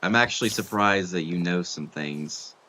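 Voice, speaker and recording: Playing a building game on stream, a low-pitched man with a pushed, bright voice chats easily with his viewers, answering chat mid-build and firing off quick exclamations. There's a bit of hiss or hum underneath.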